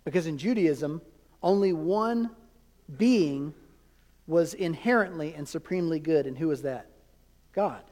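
A man preaching a sermon as a pastor, emphatic, with rhetorical questions and dramatic pauses. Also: high voice, a little mellow. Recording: long hall reverb.

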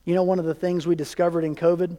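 A man preaching a sermon as pastor, in an animated, conversational way with quick asides. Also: on the high side, long reverb tail.

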